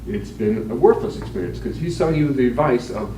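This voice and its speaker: A man, a physician, giving a conference talk on leadership with a joke, in a relaxed, plain-spoken storytelling way. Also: medium pitch, fairly quick, vocal fry, hardly any pauses. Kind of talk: conference lecture with jokes. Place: meeting room with a live audience. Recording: echoey, distant, noisy room recording.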